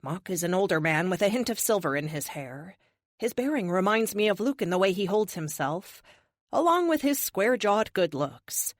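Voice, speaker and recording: A woman narrating a superhero audiobook in the first person, brisk and wry. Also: lowish voice, expressive, no echo, clean studio sound.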